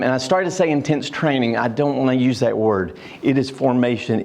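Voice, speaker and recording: Older male church class facilitator, mid-pitched, halting storyteller with many fillers. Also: darkish tone. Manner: storytelling, with frequent fillers and restarts.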